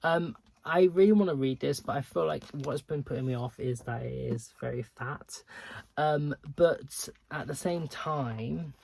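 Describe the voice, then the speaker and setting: A man talks casually to his camera in a loose, rambling way, full of ums and likes. He pokes fun at himself as he goes. His voice has a gravelly, creaky edge. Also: a little high, unhurried, darkish tone. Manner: chatty, rambling, self-deprecating, lots of ums and likes. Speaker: book vlogger.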